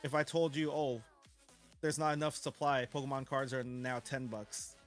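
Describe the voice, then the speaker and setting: A man's voice: mid-range voice, level tone, normal speed, faint music behind. A man streaming a live card break, chatting casually and ranting with swearing and frequent chuckles.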